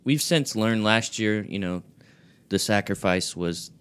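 A man's voice: lowish voice, measured pace, a bit bright, clean tone. A man co-hosting a casual podcast, joking and laughing with friends. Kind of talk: casual chat.

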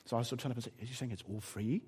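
A man with an English accent preaches a sermon at a very fast clip, his medium-pitched voice husky. He tells stories animatedly and acts out little asides along the way.

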